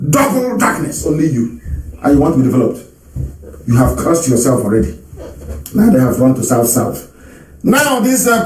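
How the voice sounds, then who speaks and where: A man's voice: on the high side, reverberant. A man speaking on a live radio broadcast, emphatic, repeating his phrases and laughing often.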